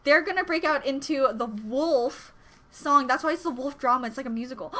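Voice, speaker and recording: A young woman hosting a reaction video, chatting and gasping with excitement as she comments on what she watches. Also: sits high, brisk, a little hiss or hum.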